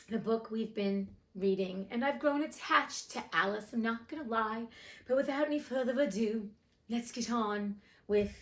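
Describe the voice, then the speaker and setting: A woman's voice: a little high, fairly bright tone. Chatty woman hosting a classics read-aloud. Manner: chatty, self-deprecating, jokey asides. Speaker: audiobook podcast host. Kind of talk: casual chat and audiobook reading.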